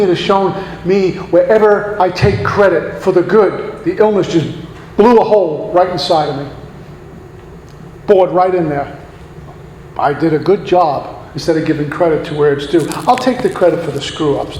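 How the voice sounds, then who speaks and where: A man gives an earnest, preacherly talk to a recovery meeting, piling up rhetorical questions. His voice sits high for a man and rings through a long-echoing hall. Faint noise hangs underneath. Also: normal speed, darkish tone. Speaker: guest speaker at a recovery meeting. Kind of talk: recovery meeting share, sermon-like.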